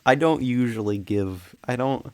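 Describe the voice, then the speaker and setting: A man's voice: mid-range voice, a little slow. A man streaming a game and rambling casually with his viewers, with frequent giggles. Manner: rambling and giggly, laughing often; chats with viewers while playing. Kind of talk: casual livestream chat.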